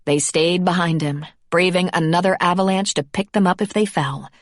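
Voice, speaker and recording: A woman narrates a romance audiobook in a measured, scripted way. Her voice is low for a woman, and the recording is dry and close. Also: fairly even intonation, no room sound.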